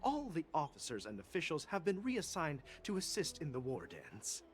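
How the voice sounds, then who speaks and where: A man's voice: on the high side, huge pitch swings, moderate pace. A man voicing a courteous, overworked commission officer in a video game. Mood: apologetic. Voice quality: courteous, helpful. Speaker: game character.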